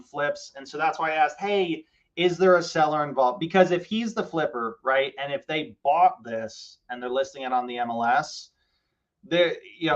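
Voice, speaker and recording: A man hosting a live real estate show, talking a seller through a deal and then coaching viewers in an energetic, explanatory way. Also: fairly high pitch, lo-fi sound. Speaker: real estate investor host. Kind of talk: live stream phone call and coaching.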